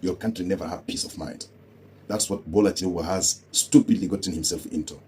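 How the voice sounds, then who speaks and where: A man's voice: sits low, a little fast, a little mellow, a little hiss or hum. A man from Africa giving heated political commentary, scornful and repeating rhetorical questions.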